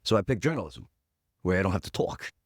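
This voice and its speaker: A man's voice: fast, no echo, clean studio sound. A man in his forties, a podcast guest, telling a punchy story and acting out the voices of others. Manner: animated storyteller who acts out quotes; punchy, peppers story with "boom".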